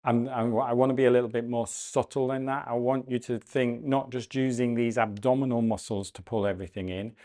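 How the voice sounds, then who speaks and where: A man instructs a breathing and mobility class in a calm, gentle manner. He talks through each breath and often slows down to repeat a cue softly. His voice sits at an ordinary middle pitch. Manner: calm, gentle cueing with slowed repeated phrases. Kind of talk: guided exercise class instruction.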